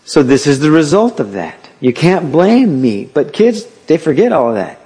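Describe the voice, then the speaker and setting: Husky-voiced man preaching conversationally. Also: fairly high pitch, big pitch swings, normal speed, warm tone. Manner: conversational preaching with acted-out quotes. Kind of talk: sermon.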